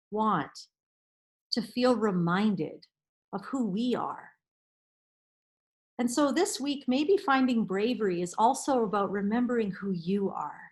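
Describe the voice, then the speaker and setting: A middle-aged woman counsellor giving an earnest, emphatic motivational talk to parents, repeating key phrases. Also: on the high side.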